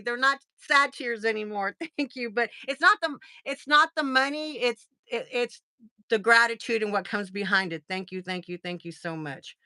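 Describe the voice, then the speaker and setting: Chatty woman, bright dry voice. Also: a little high, moderate pace, dry recording. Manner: rambling and chatty, many fillers and restarts; gushing and effusive when thanking viewers. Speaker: livestream host. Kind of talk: casual livestream chat.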